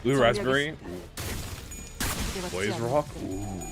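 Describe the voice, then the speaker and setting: A man's voice: medium pitch, slow. A young man streaming a video game, chatting casually with his viewers in a rambling, self-mocking way. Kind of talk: casual gameplay commentary to chat. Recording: game music behind voice. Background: game music.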